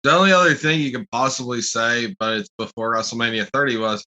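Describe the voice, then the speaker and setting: A man co-hosting a podcast, chiming in quietly with short points. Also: medium pitch, fast. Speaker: podcast co-host. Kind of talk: casual podcast chat.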